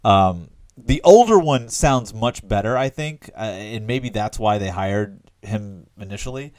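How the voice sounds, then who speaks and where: A man's voice: on the low side, expressive, unhurried, a little mellow. Rambling man on a comic podcast. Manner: rambling, many fillers and restarts. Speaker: podcast co-host. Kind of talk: casual chat.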